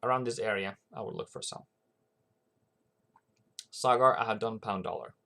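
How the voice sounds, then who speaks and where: This forex channel host speaks at a normal pace in a lowish, bright, forceful voice with vocal fry. On his livestream he rambles casually about currency markets while reading viewer comments aloud.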